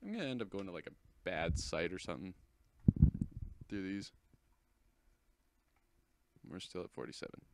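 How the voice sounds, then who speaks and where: A man's voice: sits low, big pitch swings, normal speed, pauses often, very noisy. A young man giving rambling, goofy and self-deprecating commentary over a screen recording of his channel. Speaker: channel host.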